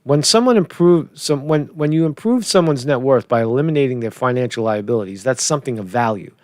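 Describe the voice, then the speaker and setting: A man's voice: medium pitch, lively intonation, a little fast, darkish tone, no echo, clean studio sound. A man rambling through political commentary in a casual vlog, swearing, chuckling and restarting his sentences while he keeps asking "right?".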